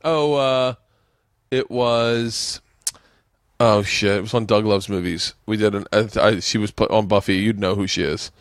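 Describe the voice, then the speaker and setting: A man's voice: lowish voice, unhurried, clear, resonant tone, dry recording, studio quality. A man hosting a podcast in casual chat, telling stories and swearing freely. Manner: animated, acts out quoted voices, swears often. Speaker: podcast host. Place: home studio.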